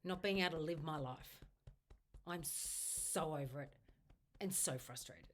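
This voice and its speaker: Low-pitched woman, instructor leading a self-help tapping routine, steady repeated phrases. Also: a little hiss or hum. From Australia. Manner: slow repetitive affirmations, first person. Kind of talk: guided tapping script spoken aloud.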